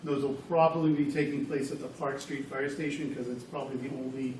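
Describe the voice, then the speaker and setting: A man calmly walks the committee through dates and the video link, at an everyday pitch. He sits back from the microphone in an echoey meeting room with a faint hiss behind him. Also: fairly quick. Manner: helpful, explains logistics. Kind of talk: casual committee meeting talk. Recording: echoey room, mic from a distance.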